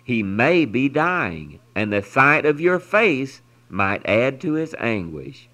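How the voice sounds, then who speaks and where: Brief: grieving wife turning a visitor away, grave, unhurried, man reading. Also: medium pitch, very animated, sharp tone, full character voice. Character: grieving pastor's wife, protective and stern.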